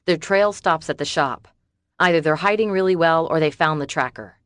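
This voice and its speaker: A woman's voice: low-pitched, normal speed, a bit bright, dry recording, clean studio sound. A woman voicing an impatient male hired assassin who speaks curtly, for an audiobook. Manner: curt, impatient.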